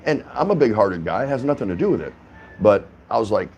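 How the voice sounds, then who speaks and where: Low-voiced guy rambling on his home vlog, loose and chatty, faint hum behind. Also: sing-song, fast, darkish tone. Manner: rambling, chatty, frequent restarts and fillers. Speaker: vlogger host. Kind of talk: casual talking-head vlog. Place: apartment indoors.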